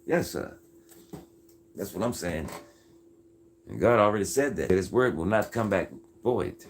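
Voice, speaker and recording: With a deep, expressive voice, a man unhurriedly reads viewer comments on a casual faith-based livestream, leaving long pauses between thoughts. He keeps calling people "folks" and "man," earnest and folksy with preacher-like insistence, and there's a slight hiss or hum.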